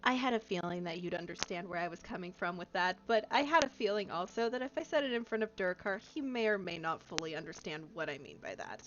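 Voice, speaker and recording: A woman's voice: fairly low pitch, expressive, fast talker, hardly any pauses, fairly bright tone, faint music behind. A woman player in casual tabletop game chat, chatty and full of fillers, on a muffled recording. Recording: muffled lo-fi audio.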